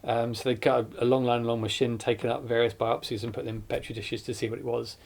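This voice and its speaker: In a documentary interview, a survivor earnestly recounts his hospital ordeal, frequently correcting himself mid-thought. His voice is medium-pitched and gravelly, delivered fast and flat.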